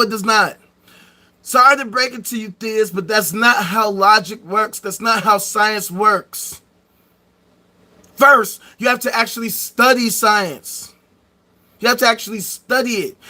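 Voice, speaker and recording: A man hosting a live stream, ranting in a heated, profane and mocking way, breaking into shouts. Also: sits high, a little slow.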